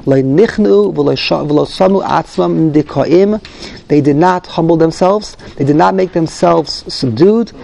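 Leading a study class on the text, a man who teaches Torah reads out Hebrew phrases and follows each with a translation and explanation. His voice is gravelly and slightly high, and he reasons aloud as he goes.

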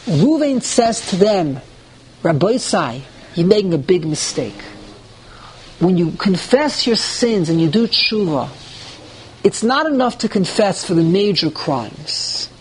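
A man with a high voice teaches a Torah class a little slowly, reading verses and then explaining them over slight background noise. He is animated, using rhetorical questions and mock dialogue, and sometimes restarts or searches for words.

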